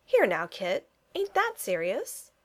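A woman doing a clipped young gentleman. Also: mid-range voice, wildly swooping pitch, slow pace, heavily acted. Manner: clipped speech, dropped pronouns. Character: young Regency gentleman, blunt, clipped, good-natured.

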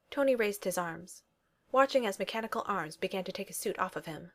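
A woman reading story narration aloud in a steady, even manner. Her voice sits at a middling pitch for a woman. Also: normal speed. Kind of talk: audiobook reading of fan fiction.

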